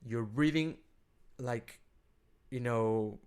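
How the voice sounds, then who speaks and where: With a clean, darkish, mid-range voice, a middle-aged rabbi and cantor teaches informally, his accent Argentine Spanish. He frequently stops and restarts, repeating words along the way.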